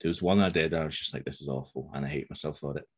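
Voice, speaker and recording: A man co-hosting a podcast, chatting casually in a dry, low-key, teasing way. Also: steady tone, racing. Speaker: podcast co-creator. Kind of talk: casual chat.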